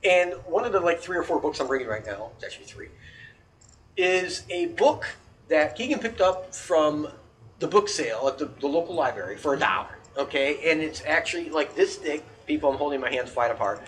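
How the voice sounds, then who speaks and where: A man's voice: on the high side, animated, brisk, fairly bright tone, a little hiss or hum. A man hosting a casual podcast chat, ranting animatedly and swearing a lot.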